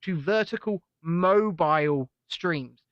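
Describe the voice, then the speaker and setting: Blunt, swearing male co-host, high and sharp-toned, dry close sound. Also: slow pace, dry recording, muffled recording. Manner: blunt, opinionated, swears freely. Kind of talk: irreverent casual chat.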